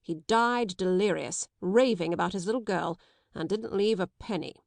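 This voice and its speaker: A woman's voice: mid-range voice, moderate pace, gravelly, a little mellow, dry recording, lightly acted. A woman reading an audiobook, voicing a dry, brusque middle-aged male solicitor with a clipped, disapproving manner.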